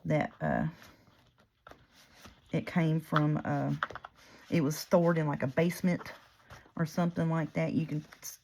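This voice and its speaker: A woman's voice: low voice, gravelly, a little mellow, slight background noise. A woman chatting casually while crafting, rambling and poking fun at herself. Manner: chatty, rambling, self-mocking storyteller. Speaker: paper crafter and YouTuber.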